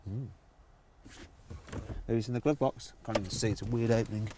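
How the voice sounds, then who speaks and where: A man's voice: lowish voice, fairly even intonation, brisk, background noise. A man presenting a car review in a chatty, jokey way with playful asides, talking in and around a car.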